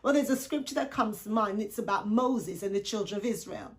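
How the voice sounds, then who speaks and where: A woman's voice: medium pitch, fairly quick. A woman coaching her viewers in a faith-based talk, speaking straight to them with rhetorical questions and acting out the voices of people in the story. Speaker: Christian life coach.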